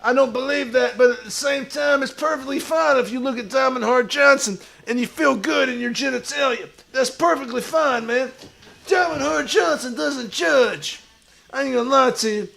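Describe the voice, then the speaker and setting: A man playing a crude, boastful washed-up pro wrestler who talks about himself in the third person and shouts his lines. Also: very high-pitched, normal speed, exaggerated voice. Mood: swaggering bravado. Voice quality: gravelly, shouty bravado. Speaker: streamer in character. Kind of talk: improvised comedy stream.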